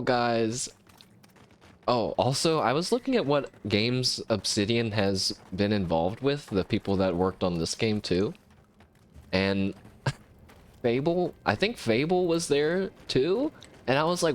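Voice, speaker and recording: A man hosting a let's play, chatting excitably and rambling between game moments. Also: fairly low pitch, a little slow. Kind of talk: casual gameplay commentary.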